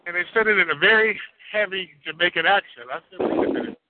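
A man calling in from his truck while driving, telling a rambling, halting story. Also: high-pitched, very noisy. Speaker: caller. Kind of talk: casual phone comment. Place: truck on the road. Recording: tinny phone line from a moving truck.

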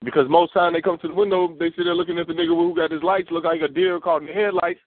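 Brief: quick, slightly high man, profane storyteller, dry tinny phone-like audio. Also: dry recording. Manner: profane, animated, acts out quoted voices. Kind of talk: casual chat, storytelling.

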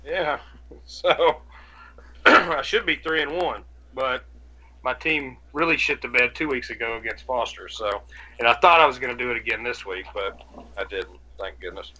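Husky-voiced crude podcast co-host. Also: male voice, medium pitch, moderate pace, bright, forceful tone, highs cut off. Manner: crude, joking. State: throat ailment. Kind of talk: casual podcast chat.

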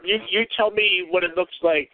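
A man's voice: high-pitched, steady tone, normal speed. A man co-hosting a political talk show, speaking in a wry, mocking way. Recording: tinny phone-line audio.

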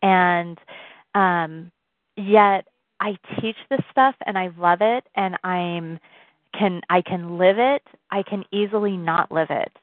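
A woman leads a new moon gathering on a group call and talks in a loose, chatty way. Her voice sits a little low and comes through a dry, tinny phone line. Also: slow pace, no echo. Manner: chatty, rambling, with fillers and laughs.

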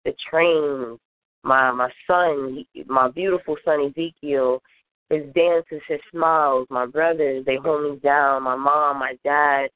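Speaking in a low register with fairly even intonation, a woman rapper appearing as a guest answers interview questions slowly, in an earnest, upbeat way, listing things fondly. The audio is tinny, like a phone line, with no echo.

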